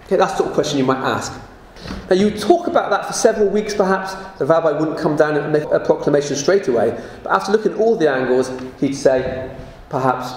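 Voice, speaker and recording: A man's voice: high voice, animated, fairly quick, darkish tone. A man teaching a sermon in a conversational way, often asking his listeners rhetorical questions. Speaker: preacher. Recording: very echoey room with faint noise.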